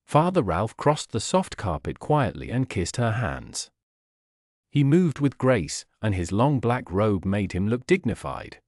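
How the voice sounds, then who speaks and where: A man's voice: on the low side, very animated, measured pace, a little mellow, dry recording, clean studio sound. Man narrating a learner audiobook. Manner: clear and plain.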